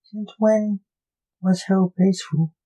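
A sarcastic young male necromancer who jokes at his father's expense, voiced by a woman narrator. His teasing comes slow and mellow, never rushed. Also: mid-range voice, steady tone, husky, low-quality recording. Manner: sarcastic, jesting.

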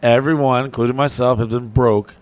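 A man's voice: mid-range voice, fairly even intonation, brisk, a little mellow, dry recording. Blunt, profane man co-hosting. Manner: profane, blunt, quizzes his co-host. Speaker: podcast co-host. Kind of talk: casual banter.

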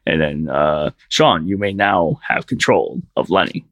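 A man's voice: sits low, big pitch swings, normal speed, hardly any pauses, a bit bright, distant mic. A man as game master running a tabletop combat session, talking loosely with lots of fillers.

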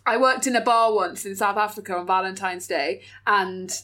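A young woman co-hosting a podcast in casual chat, animated and rambling, swearing casually. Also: mid-range voice, normal speed. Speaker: podcast co-host.

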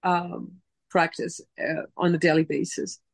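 Animated motivational woman, dry close sound. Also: lowish voice, a little slow, vocal fry, slightly rough, no room sound. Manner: animated, motivational, acts out inner voices. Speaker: guest, dubbing producer. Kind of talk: casual podcast interview.

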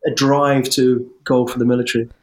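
A middle-aged man, an interview guest telling his life story in an animated, rambling way with restarts and swearing. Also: medium pitch, brisk. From English West Midlands. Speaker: interview guest, former soldier. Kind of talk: storytelling in conversation.

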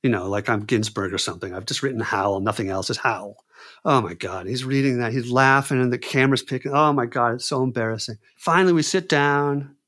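Animated storytelling man. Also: brisk. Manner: animated, acts out panicked quotes in a high voice. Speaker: storyteller guest. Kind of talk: casual spoken storytelling.

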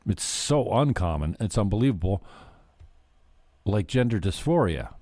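Male podcast host, low voice, lively swings, dry close sound, sarcastic rambling. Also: a little slow, dry recording. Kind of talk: casual political commentary.

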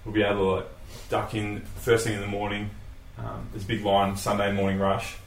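A man telling a travel story in a relaxed casual chat, laughing and swearing. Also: fairly low pitch, brisk, creaky. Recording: roomy echo, distant mic, faint ambient noise.

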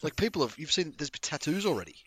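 A man co-hosting a podcast, telling stories in an animated, swearing way. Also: on the high side, fast, a crowd in the background. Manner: animated, profane storyteller. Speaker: podcast co-host. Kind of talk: casual storytelling chat.

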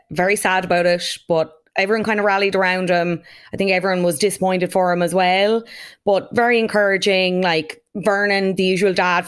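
A woman's voice: lowish voice, smooth. A woman hosting a podcast in casual, musing chat with lots of fillers. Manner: chatty, drawn-out musing with fillers. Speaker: podcast host.

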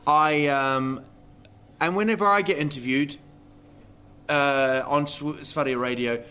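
A man's voice: a little high, takes it slowly, pushed and bright. A man hosting a casual interview, rambling and self-deprecating as he tells stories and asks questions. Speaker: podcast host.

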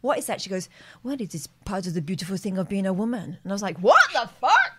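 A woman co-host chats in a wry, easy way. Her pitch sits in the middle of the range. She talks plainly and conversationally. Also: fast talker, darkish tone, slightly rough. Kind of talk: casual chat, anecdote.

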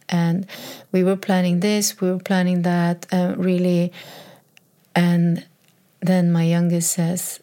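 Gravelly low-voiced woman telling a personal story. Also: a little mellow. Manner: earnest, repeats and restarts phrases. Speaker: mother sharing personal reflections.

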